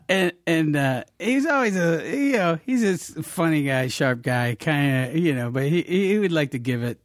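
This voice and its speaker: A man's voice: mid-range voice, no echo, clean studio sound. Rambling man telling showbiz stories. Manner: rambling, many fillers and restarts, laughing asides. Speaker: television director. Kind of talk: casual storytelling chat.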